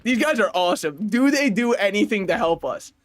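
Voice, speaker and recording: Lively 20s guy streaming a game, swears a lot, laughs, goes off on tangents, high voice that jumps all over. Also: a little fast. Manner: animated, laughing, swearing, rambling asides. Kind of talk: casual gaming livestream chat.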